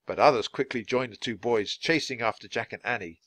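A man reading a children's storybook aloud in a clear, measured way for learners. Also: mid-range voice, a bit bright, no room sound. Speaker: storybook reader. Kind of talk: children's book read-aloud.

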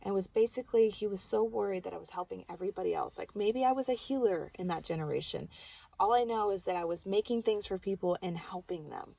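A woman's voice: medium pitch, fast talker, creaky, mellow, breathy edge, no echo, muffled recording. A woman vlogger casually telling a personal story, earnest and chatty, saying "like" constantly.

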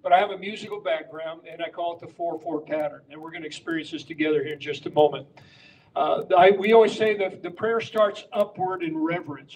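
High-voiced man addressing pastors. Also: steady tone, a little fast, darkish tone, far from the mic, low-quality recording. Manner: emphatic, teaching by patterns and rhetorical questions. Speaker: pastor and prayer coach. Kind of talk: conference talk to pastors. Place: conference room with audience.

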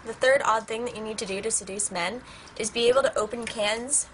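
A woman's voice: fairly high pitch, fairly quick, a little hiss or hum. A young woman vlogging in a playful, joking, goofy way. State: out of breath. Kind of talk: casual comedic vlog.

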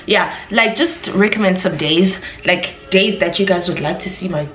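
A woman's voice: on the low side, normal speed, fairly bright tone. A twenty-year-old woman vlogging at home, chatting to camera in a rambling way full of fillers. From South Africa. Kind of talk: casual chat to camera. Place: at home indoors. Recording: echoey room.

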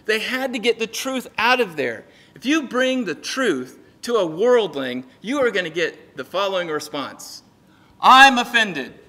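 Lively, animated preacher in a reverberant hall. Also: male voice, high-pitched, normal speed, few pauses. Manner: lively, jokey preaching with acted-out dialogue. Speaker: pastor. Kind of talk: sermon. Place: church sanctuary.

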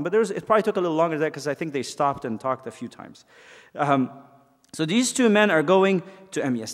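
A man teaching a youth Bible study, telling stories in a lively way and acting out characters in quick asides. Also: fairly high pitch, long reverb tail. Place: church hall.

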